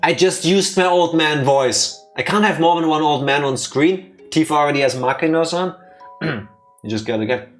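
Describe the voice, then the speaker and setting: A man's voice: on the high side, moderate pace, hardly any pauses, soft background music. A man co-hosting a let's play, reading visual novel text aloud and bickering playfully with his co-host. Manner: playful, bickering, mock-indignant. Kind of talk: casual chat and reading game text aloud.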